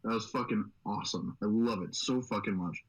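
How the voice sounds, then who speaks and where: Young man, lowish voice, podcast host, casual chat, profane, excitable. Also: brisk, rough recording.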